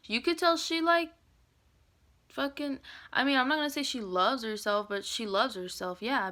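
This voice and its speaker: A woman venting in a monologue, blunt and profane, rambling with many fillers and swinging between loud outbursts and hushed, whispered asides. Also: on the high side.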